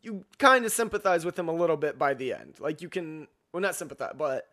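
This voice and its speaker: A man's voice: a little high, expressive, fairly quick, fairly bright tone. A young man co-hosting a casual movie chat, enthusiastic and joking, swearing freely. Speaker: podcast co-host. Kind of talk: casual film discussion.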